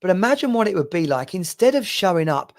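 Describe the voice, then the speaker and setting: A man's voice: high voice, very animated, fast talker. A man hosting a podcast, giving an earnest motivational monologue as a men's coach and speaking straight to the listener.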